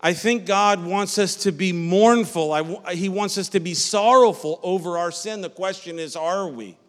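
A man's voice: high voice, normal speed. A man preaching a sermon as pastor, in a conversational style that often stops to ask the congregation "Amen?" and repeats phrases as he goes. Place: church sanctuary. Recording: reverberant church hall.

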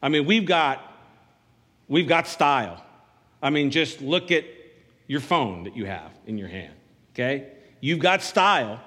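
A man's voice: mid-range voice, animated, measured pace, long pauses, a bit bright. Preaching man in a reverberant church. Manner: conversational preaching with call-and-response asides. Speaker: pastor. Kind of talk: sermon.

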